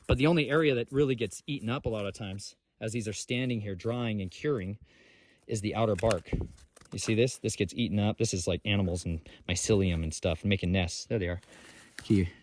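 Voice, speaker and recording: Brief: homesteader vlogger, a man, outdoors in the woods, folksy and excitable, addresses viewers directly. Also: lowish voice, fairly quick. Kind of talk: walk-and-talk forest vlog. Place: outdoors in a forest.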